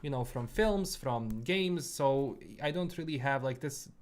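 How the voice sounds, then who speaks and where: Speaking in an expressive, unhurried, mid-range voice, a young gaming streamer from Bosnia rambles easily with his viewers, using plenty of fillers and repeats. His accent is a Bosnian-tinged English mixing British and American sounds.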